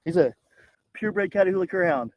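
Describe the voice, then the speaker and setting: A man from California hosting a casual live-stream vlog outdoors, chatty and excitable, swearing now and then as he coaxes his dog along. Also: sits high, a little fast, no echo, dull audio.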